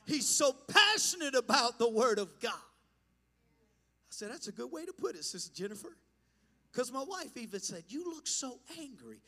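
A man preaching a sermon in a church, impassioned and building to shouts over a slow, deliberate delivery. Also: very high-pitched, big-room sound. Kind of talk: pentecostal-style sermon. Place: church sanctuary.

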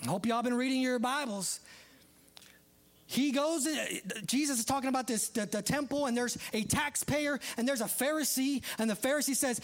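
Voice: high-pitched, moderate pace. A preacher giving a sermon in a conversational style, with joking asides and laughter.

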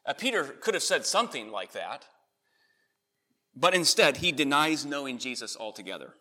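Bright-voiced male preacher. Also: medium pitch, big pitch swings, moderate pace. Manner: earnest preaching, rising emphasis on key points then softening. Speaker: pastor. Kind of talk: sermon. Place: church in Connecticut.

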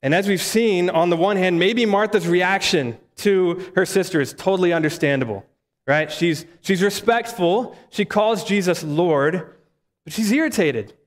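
Male preacher, conversational sermon delivery with rhetorical questions, slightly high voice, long hall reverb. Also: unhurried.

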